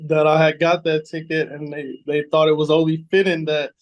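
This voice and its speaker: Bay Area man in his thirties, easygoing storyteller voice, a bit high, podcast guest. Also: moderate pace, lo-fi sound. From San Francisco Bay Area. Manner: relaxed storyteller, repeats words, acts out quoted voices. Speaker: guest, former pro football player. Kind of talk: casual storytelling interview.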